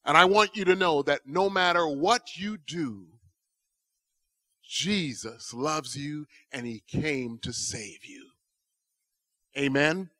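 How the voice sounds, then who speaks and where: A man telling a children's story at a church service in an animated, expressive way, then closing with a prayer. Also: a little high, slow pace, long pauses. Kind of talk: children's sermon.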